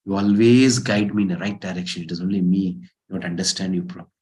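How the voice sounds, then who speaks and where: A man's voice: sits low, level tone, fast talker, mellow, close to an everyday voice. A man voicing a proud, short-tempered king in a spoken story. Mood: earnest.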